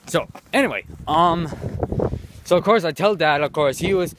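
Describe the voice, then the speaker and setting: A man telling a meandering story into his phone while outside in the cold, leaning on "of course" in nearly every sentence. His voice sits a little higher than most men's. Heavy wind roars across the mic the whole time. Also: expressive, measured pace, long pauses. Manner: rambling, constantly repeats "of course". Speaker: vlogger. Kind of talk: casual rambling story vlog. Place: outdoors in the cold, walking. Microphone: handheld phone.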